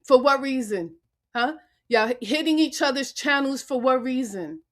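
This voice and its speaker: A woman's voice: high-pitched, animated, a little slow, fairly bright tone. A woman guest on a live-stream panel, angrily ranting at her critics with cursing and repeated taunting challenges. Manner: angry, confrontational, cursing. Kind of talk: heated live-stream rant. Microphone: remote call into a live stream.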